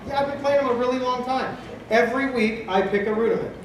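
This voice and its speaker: A man in his fifties giving a live drum clinic at a convention, animated and asking the audience questions that he then answers himself. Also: very high-pitched, quick pace. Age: 50s. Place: large hall at a convention. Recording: very echoey hall, from a distance, with background noise.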